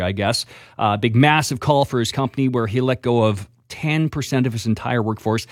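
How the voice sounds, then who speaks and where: A man's voice: mid-range voice, dry recording, studio quality. A man hosting a morning radio show, chatting casually in a wry, joking way as he sets up a comic bit.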